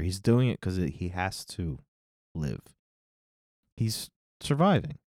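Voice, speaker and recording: A man's voice: low voice, sing-song, slow, darkish tone, no echo, studio quality. A middle-aged man co-hosting a podcast in casual chat, rambling and correcting himself, often laughing. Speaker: podcast co-host.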